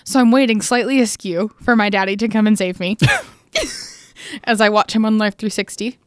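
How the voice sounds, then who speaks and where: A woman's voice: medium pitch, moderate pace, clear, resonant tone, no echo, clean studio sound. Laughing woman telling a story. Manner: animated, laughs often, acts out quotes. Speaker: podcast co-host. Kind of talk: casual chat, storytelling.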